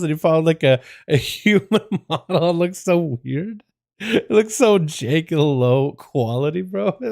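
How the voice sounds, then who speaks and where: A man's voice: high voice, creaky, darkish tone. A man from Russia with a slight Russian accent, chatting casually as a game streamer in a slangy, laid-back way. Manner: slangy and laid-back, greets chat with "yo" and "boys". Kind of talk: casual livestream chat. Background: faint music.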